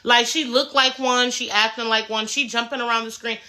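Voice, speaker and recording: Woman, bright ringing voice, blunt and sassy, profane, casual reality-show commentary. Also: on the high side, steady tone, moderate pace, rough recording.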